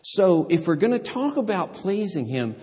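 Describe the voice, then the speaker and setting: Guy preaching a sermon in a church, super animated pitch, joking asides, big echoey hall. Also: normal speed. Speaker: pastor.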